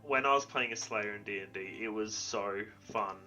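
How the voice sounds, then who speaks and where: A man's voice: on the low side, normal speed, pushed and bright, muffled recording, soft background music. A man chatting casually as a player, rambling with lots of fillers. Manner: eager, rambling with fillers like 'like'. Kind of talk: casual chat.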